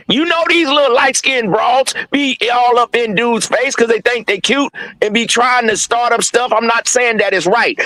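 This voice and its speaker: A man's voice: sits high, sharp tone, dry recording. A man in his fifties co-hosting a podcast, talking bluntly and crudely in street slang, rambling through his point. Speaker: podcast co-host. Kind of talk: casual debate.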